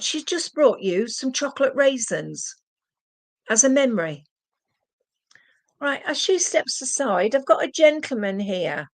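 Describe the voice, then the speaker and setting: A woman giving psychic card readings on a live stream, calling viewers "sweetheart" as she relays messages from spirits. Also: a little high. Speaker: psychic medium.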